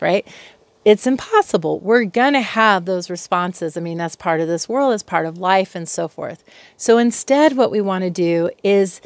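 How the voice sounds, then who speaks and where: A middle-aged clinical psychologist talks casually to camera from her home patio, giving an educational chat. Her lowish voice is animated at a normal speed, the recording dry, and she's chatty and easily sidetracked.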